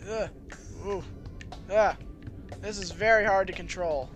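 A man's voice: high voice, unhurried, fairly bright tone, soft background music. A man giving casual, rambling, self-deprecating commentary while playing a video game. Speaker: let's play host.

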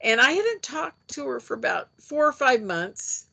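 A woman telling a personal story in a casual interview, animated and chatty, acting out the voices she quotes. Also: sits high, unhurried, creaky. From United States. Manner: chatty with frequent fillers. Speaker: interview guest, UFO experiencer.

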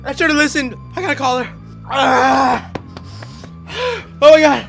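A man's voice: extremely high pitch, a little slow, creaky, music in the background. A young man playing a game for his channel while eating hot sauce, talking in casual slang and yelping and groaning from the spice. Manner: excitable, yelps and groans from the spice. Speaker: gaming YouTuber. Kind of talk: gaming vlog with hot sauce challenge.

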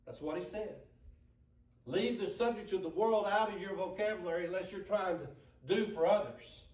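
High-voiced preacher man in echoey church. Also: normal speed, a little mellow. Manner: preaching, rising to emphatic declarations, then dropping low to act out asides. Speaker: pastor. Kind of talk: sermon. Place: church sanctuary. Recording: echoey church room, mic far off.

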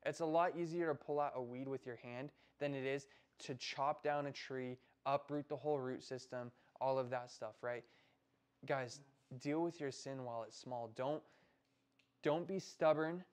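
A young man with an American accent preaches to a group of middle schoolers, his pitch sitting right in the middle of the range. He keeps it loose and chatty, checking in with the kids as he goes. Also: steady tone, normal speed, smooth. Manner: casual, conversational preaching with frequent "right?" and "like". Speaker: youth pastor.

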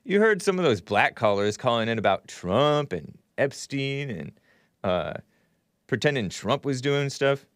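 Animated man hosting a livestream. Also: mid-range voice, dry recording, studio quality. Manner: animated, reacts aloud with exclamations and laughs; chatty, addresses viewers directly. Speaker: livestream host. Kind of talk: casual livestream commentary.

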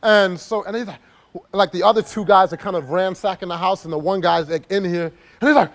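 A man's voice: high voice, fairly even intonation, fairly quick. A man casually telling a personal story to camera as a travel vlogger, rambling and filling his talk with "like". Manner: rambling, heavy use of "like", laughs while telling.

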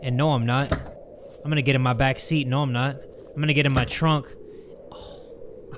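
A man giving let's play commentary as a gaming YouTuber, loud and jokey, swearing often. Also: medium pitch, steady tone, moderate pace, noisy background.

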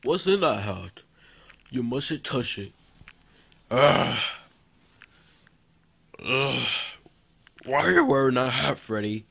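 Brief: a man ad-libbing a homemade puppet show, slow and rambling, mid-pitched. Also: animated, vocal fry, a bit bright, breathy edge. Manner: rambling and repetitive, with fillers. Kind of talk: improvised toy puppet skit.

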